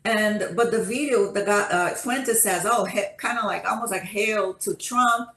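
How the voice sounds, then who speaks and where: Woman, panel guest, animated, stop-start telling, echoey room. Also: mid-range voice, measured pace. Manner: animated storytelling with many restarts. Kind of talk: casual panel chat.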